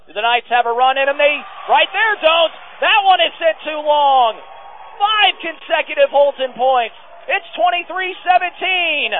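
High-voiced man calling radio play-by-play. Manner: rapid calls that rise to excited shouts on big plays. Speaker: play-by-play announcer. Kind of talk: radio sports play-by-play commentary. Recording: tinny phone-like radio line with faint noise.

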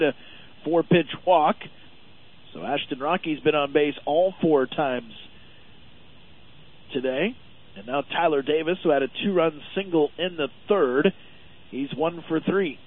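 Male baseball announcer, slightly high, steady and informative, tinny narrow radio sound. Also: slightly rough. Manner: steady, informative, stat-heavy. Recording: narrow phone-like radio audio.

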